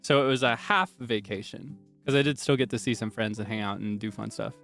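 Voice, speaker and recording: A man chatting casually on a livestream, playful and repeating himself in quick bursts. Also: on the low side, gravelly, fairly bright tone, soft background music. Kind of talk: casual stream chat.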